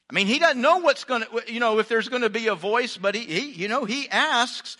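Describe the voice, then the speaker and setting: A man's voice: very high voice, lively intonation, fairly quick, hardly any pauses, sharp tone. A man preaching a sermon, reading scripture aloud and adding chatty, joking asides for his congregation. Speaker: pastor.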